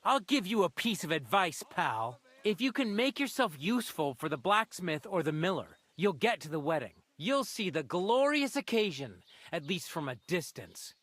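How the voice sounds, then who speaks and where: An actor playing a brash, mocking young villager in a game, sneering and sarcastic. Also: male voice, high-pitched, sing-song, moderate pace, few pauses, fairly bright tone, no echo, heavily acted. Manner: taunting, sarcastic.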